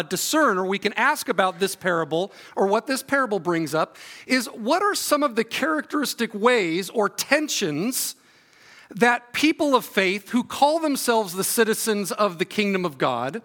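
A man preaching a sermon in a church, reading scripture aloud and teaching with relaxed, joking asides. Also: high voice. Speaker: guest preacher. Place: church sanctuary.

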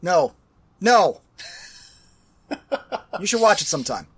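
A man's voice: high-pitched, big pitch swings, slow pace. A man co-hosting a casual movie-review podcast over a video call on a headset, ranting and swearing, and losing his voice. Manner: ranting, profane, shouts when angry. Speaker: podcast co-host.

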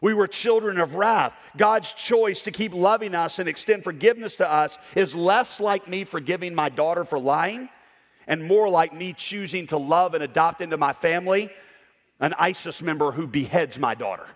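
A male preacher with a fairly high voice delivers an emphatic sermon, rising to loud declarations and dropping to hushed storytelling. His voice rings out with a long echo through a large hall. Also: normal speed. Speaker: pastor.

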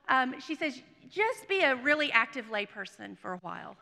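A woman preacher giving a chapel sermon, telling a personal story that moves between hushed whispers and emphatic bursts. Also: sits high, lively intonation, normal speed, creaky, few pauses. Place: seminary chapel. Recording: long reverb of a chapel.

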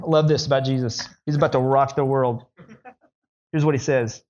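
Animated preacher with dull lo-fi sound. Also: male voice, normal speed. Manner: animated, rising high when voicing questioners. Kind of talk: sermon.

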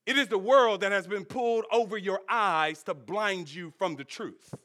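A man doing a deep, grave impression of a solemn male mentor from a sci-fi film, speaking slowly and measuredly. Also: bright, forceful tone.

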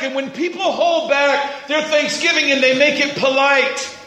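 A man preaching a sermon as pastor, moving from quiet storytelling to loud shouted exclamations. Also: extremely high pitch, steady tone, a little slow. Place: church sanctuary. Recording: echoey church room.

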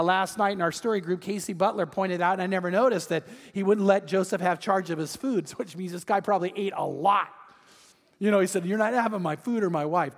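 A high-voiced pastor preaches a sermon to his congregation, his words ringing through a reverberant hall. He tells the story in an animated, lively way, often slipping into the voices of those he quotes.

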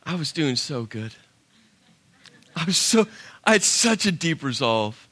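High, bright-voiced man preaching. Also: measured pace. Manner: animated storyteller, acts out his own inner dialogue. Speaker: pastor. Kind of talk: sermon with personal story.

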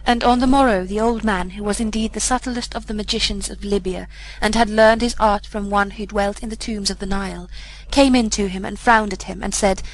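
A woman narrating a fairy tale audiobook in a measured, solemn storytelling manner. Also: medium pitch, fairly even intonation, slight background noise, rough recording.

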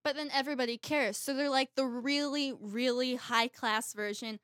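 A woman from the United States co-hosting a casual comedy show, reading news with deadpan jokes. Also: high voice, moderate pace, dry recording, studio quality.

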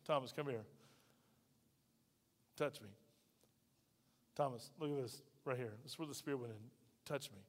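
Man doing Jesus: soft, calm, gentle, in a reverberant hall. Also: mid-range voice, normal speed, pauses often, pitched below the performer's own voice, close to an everyday voice. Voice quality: soft and hushed. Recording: long reverb of a large hall.

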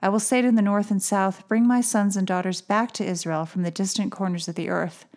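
A woman speaks clearly and evenly in a mid-range voice. She reads scripture at a steady, measured pace, and her remarks in between are dry and wry. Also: medium pitch. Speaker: podcast host. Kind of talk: casual chat and scripture reading.

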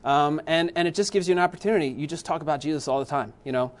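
A father giving a church talk to parents, animated and full of restarts. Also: a little high, racing.

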